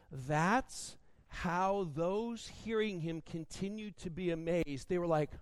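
A man preaching a sermon, telling a lively personal story in a chatty, animated way with frequent restarts. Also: high voice, no room sound. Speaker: pastor.

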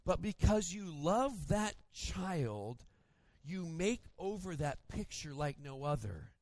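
A male pastor preaching a sermon, storytelling in an animated way with playful mimicry. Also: fairly high pitch, slow pace, dry recording.

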